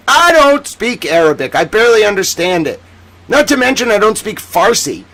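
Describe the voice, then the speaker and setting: A man hosts a livestream of news commentary, his voice sitting a little higher than most men's. He talks in a theatrical, sarcastic way, swinging between booming proclamations and low asides. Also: very animated, moderate pace, a bit bright. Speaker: host. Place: home studio in Boston.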